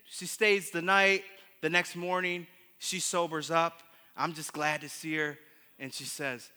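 A man preaching a sermon built on his own testimony, telling it in bursts with many restarts, moving between hushed retelling and emphatic preaching. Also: high voice, moderate pace. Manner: storytelling, with many restarts and repeated words. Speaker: pastor. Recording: long hall reverb.

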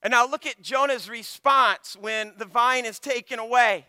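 A man preaching a sermon, swinging from loud, impassioned pleading to quiet, hushed asides. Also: very high voice, normal speed, few pauses, no echo, clean studio sound.

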